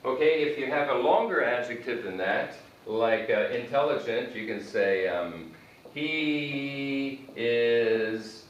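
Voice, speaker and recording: Guy teaching english grammar real slow, spelling stuff out letter by letter, sounds far off in a super echoey room. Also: fairly low pitch, lo-fi sound. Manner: repeats example sentences while writing on a board. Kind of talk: grammar lesson. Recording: echoey room, mic far off, faint background noise.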